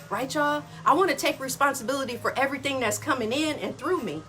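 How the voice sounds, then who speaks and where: A woman's voice: sits high, fast talker, hardly any pauses, pushed and bright, soft background music. A middle-aged woman hosting a casual motivational talk, chatty and folksy, calling her listeners y'all. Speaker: wellness podcast host.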